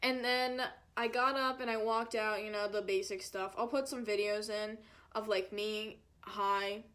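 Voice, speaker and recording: A woman's voice: mid-range voice, fairly even intonation, a little slow, fairly bright tone. A young adult woman telling a storytime vlog in a chatty, dramatic way, full of "like" and fillers. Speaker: vlogger.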